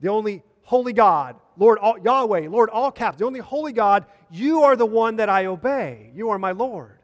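A man's voice: high voice, animated, moderate pace, big-room sound. A man preaching a sermon, earnest and repeating phrases for emphasis.

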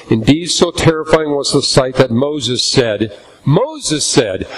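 A man preaching a sermon in a church, reading scripture aloud and slowing down for emphasis. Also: medium pitch, expressive, low-quality recording. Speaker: pastor.

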